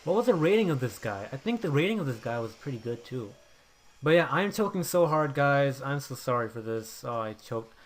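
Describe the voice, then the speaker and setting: A young man giving live commentary over his own game, swinging between quiet muttering and loud outbursts. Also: medium pitch, very animated, a little fast. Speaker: gameplay commentator.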